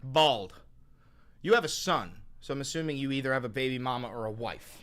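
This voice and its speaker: A man hosting a live stream, arguing with callers in a heated, profane way, swinging from calm questioning to loud outbursts. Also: mid-range voice, a little fast.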